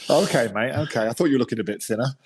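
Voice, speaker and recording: A man hosts a relaxed podcast chat over a remote call. He talks loosely and jokes at his co-host's expense, dropping "mate" into nearly every line. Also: mid-range voice, rapid-fire, breathy edge. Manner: joking, teasing banter with frequent "mate". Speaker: podcast host. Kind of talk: casual chat.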